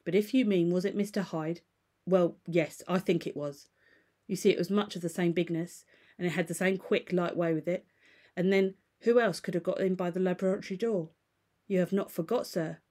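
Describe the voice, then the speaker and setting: A woman's voice: on the low side, fairly even intonation, normal speed, a little mellow, lightly acted. A woman voicing a frightened, loyal male butler who pleads insistently in a storybook reading. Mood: uneasy.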